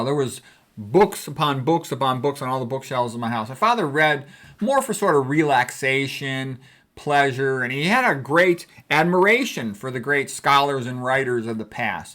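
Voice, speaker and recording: An older American man in his sixties talks in a loose, conversational way, wandering from one memory to the next and repeating himself for emphasis. He sounds like a physician sharing family stories over old photos, at an ordinary middle pitch. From United States. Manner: rambling, conversational, warm reminiscing. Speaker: physician vlogger.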